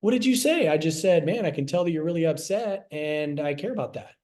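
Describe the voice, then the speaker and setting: Mellow-voiced man teaching casually. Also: fairly high pitch, expressive, a little fast. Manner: conversational, repeats himself, acts out quoted lines. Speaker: health class presenter.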